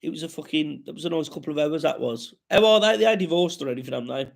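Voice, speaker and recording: A man's voice: fairly high pitch, fast talker, vocal fry. A man with a West Midlands accent hosting a live stream, reading out comments with sweary, jokey banter.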